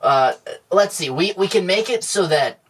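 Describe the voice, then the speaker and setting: Deadpan man with a fairly high voice. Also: normal speed, husky. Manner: deadpan and mock-reassuring, stammering. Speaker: podcast co-host. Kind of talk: comedy podcast improv.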